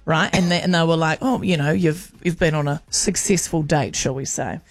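A woman with a New Zealand accent, a radio host and touring comedian, telling animated stories in casual on-air chat. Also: sits low, fairly quick, dry recording. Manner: animated storytelling with chatty asides.

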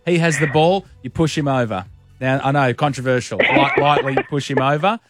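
A man's voice: mid-range voice, normal speed, over loud music. A man with an Australian accent co-hosting a radio show, cheeky and playful, joking around. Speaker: radio co-host. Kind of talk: casual radio banter.

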